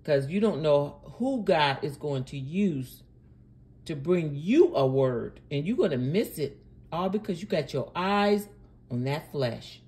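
A woman's voice: low-pitched, lively intonation, measured pace, a little mellow. A woman hosting a reaction channel, commenting sarcastically and indignantly on a preacher's clip.

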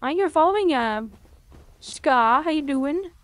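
High-voiced, excitable streamer woman. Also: measured pace, no room sound. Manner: excitable, swears often, talks to chat. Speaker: game streamer. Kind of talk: live gameplay commentary.

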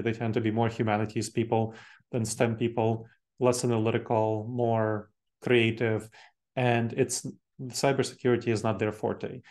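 A man in his forties with a Moldovan accent gives a presentation at an ordinary pitch for a man. He explains at length and repeats his key points, often breaking off and restarting his sentences. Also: darkish tone. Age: 40s. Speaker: speaker. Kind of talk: presentation talk.

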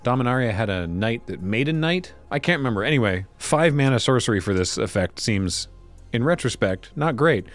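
A man's voice: medium pitch, brisk, soft background music. A man hosting a casual card pack review, reading card text aloud and making wry asides. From Canada. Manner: lively, wry, reads card text aloud then riffs. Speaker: host opening card packs.

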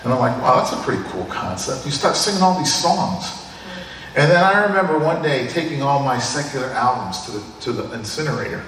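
A man's voice: mid-range voice, expressive, brisk, fairly bright tone, slight background noise. A man in his sixties preaching a sermon, telling personal stories in a conversational way and often chuckling. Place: church hall. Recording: echoey hall from a distant mic.

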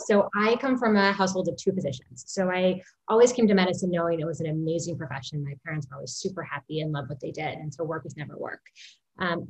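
A woman fertility doctor, a guest on an interview show, telling her story in an animated way with frequent laughs. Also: on the low side, rough recording.

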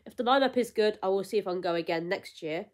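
A woman's voice: mid-range voice, fast talker, a little mellow. A young woman vlogger in casual chat, rambling and emotional, with lots of fillers and restarts.

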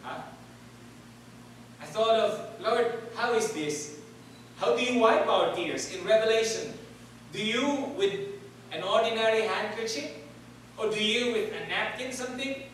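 A male preacher delivers a sermon in a church hall, using call-and-response and asking the congregation to repeat his words back. His high-pitched, slightly bright voice moves a little slowly with frequent pauses. The echoey recording is captured from a distance, with slight background noise.

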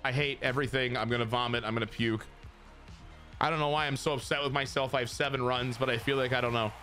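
A man giving casual, excitable commentary over his own video game match, swearing and trash-talking the opponent as he plays. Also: mid-range voice, fast talker, soft background music. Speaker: gaming channel host.

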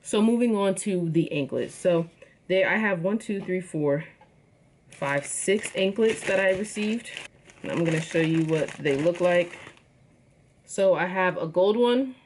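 A woman's voice: fairly low pitch, a little slow, a little mellow, slight background noise. Chatty woman showing off jewelry. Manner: chatty, addresses viewers as y'all. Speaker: vlogger. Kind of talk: casual unboxing chat.

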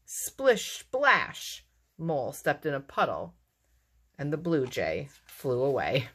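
A woman reading a children's storybook aloud in a lively, expressive way. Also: extremely low pitch, unhurried, husky. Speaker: narrator.

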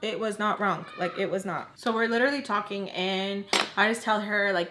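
Woman, casual storytime vlogger, chatty, filler-heavy, middle pitch, animated retelling. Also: normal speed, few pauses, slight background noise. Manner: animated, acts out the other people in the story. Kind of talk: casual storytelling while doing makeup.

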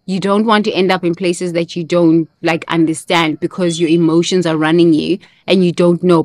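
A woman's voice: on the low side, fairly even intonation, normal speed, hardly any pauses, no room sound. A woman hosting a motivational self-help monologue, emphatic, repeating key phrases and sometimes breaking into playful sing-song chants. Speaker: host.

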